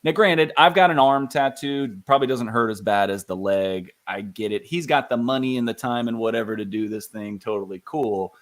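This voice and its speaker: A man co-hosting a casual live chat stream at an ordinary middle pitch. He talks easily and jokes as he brings up each new topic for discussion. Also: moderate pace, few pauses. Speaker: co-host. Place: live stream video call.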